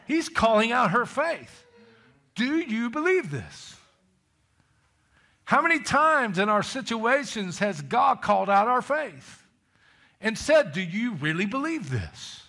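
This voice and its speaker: Preaching a sermon, a man with a high, bright, creaky voice reads scripture aloud. He drives it home with emphatic questions and calls for amens.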